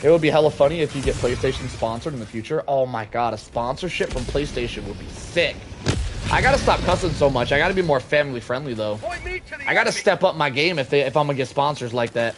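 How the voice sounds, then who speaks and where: A man's voice: mid-range voice, fast. A young man streaming a game live, chatting casually with viewers, joking and swearing, with game sounds behind him. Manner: chatty, reads chat aloud, swears and jokes. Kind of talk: casual live-stream chat while gaming. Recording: clear game noise behind.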